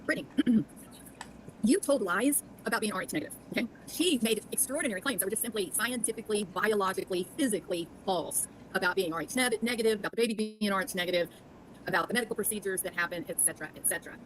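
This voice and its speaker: A woman's voice: mid-range voice, fast, a little hiss or hum, rough recording. A middle-aged woman giving sarcastic commentary on online drama, quizzing her audience as she goes.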